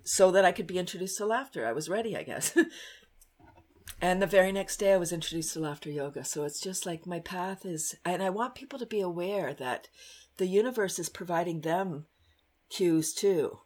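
Canadian lady guest chatting away, laughs a lot, kinda low voice. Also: moderate pace. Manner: chatty, laughs often, animated. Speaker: guest, worm composting business owner. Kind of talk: casual interview chat.

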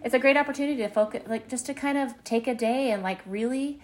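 A woman's voice: fairly high pitch, fast talker. A middle-aged woman, a life coach co-hosting a podcast with her daughter, talking in an earnest, enthusiastic way, full of "like". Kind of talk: casual podcast chat.

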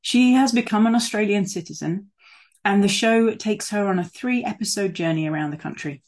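A woman's voice: medium pitch, moderate pace, a little mellow. A woman preaching a sermon in a conversational way, with fillers and asides, and leaning hard on words she stresses.

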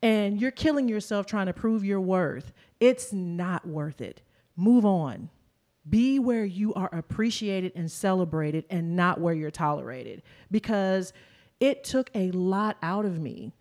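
A woman's voice: mid-range voice, a little slow, a little mellow. A middle-aged woman speaking as a panelist in a candid discussion, emphatic and emotional as she gives advice.

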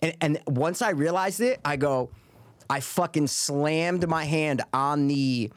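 A man with a slightly raised pitch tells a story in an animated, casual way. He curses freely. The mic sounds close and dry, with no room echo. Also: takes it slowly. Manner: animated, swears freely, acts out quotes. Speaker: podcast co-host telling a poker story.

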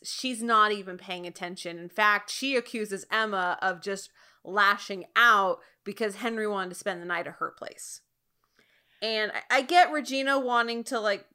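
A woman's voice: mid-range voice, pushed and bright, clear, resonant tone. A woman co-hosting a casual TV recap podcast, chatty and acting out characters' lines. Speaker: podcast co-host.

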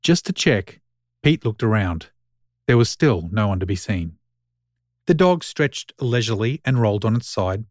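A man's voice: lowish voice, sing-song, moderate pace, no echo. Man narrating a wry story, dry sound.

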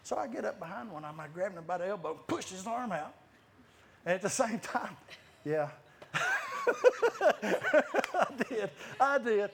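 A man's voice: high voice, very animated, moderate pace, vocal fry, slight background noise. A man preaching a sermon, telling stories with many restarts and frequent laughter. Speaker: guest preacher. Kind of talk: lively sermon storytelling.

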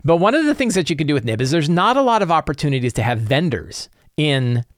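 A man casually sharing advice as a tabletop game master, animated and acting out his players' reactions. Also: on the high side, quick pace, dry recording, clean studio sound. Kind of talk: casual tips talk.

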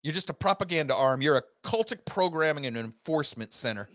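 A man's voice: fairly high pitch, animated, fast, a bit bright, no room sound, clean studio sound. A man hosting a podcast, delivering an angry, sarcastic political rant with heavy emphasis. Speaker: podcast host.

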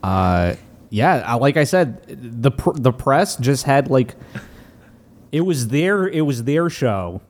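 A man's voice: mid-range voice, sing-song, takes it slowly, a little mellow. A man in casual chat about a movie, laid-back and hesitant, with frequent fillers.

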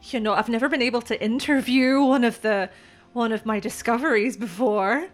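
A woman voicing an excitable, awkward woman scholar who bellows and gushes in a tabletop game. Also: fairly high pitch, moderate pace, faint music behind, close to an everyday voice. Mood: gushing. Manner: bellowing, gushing.

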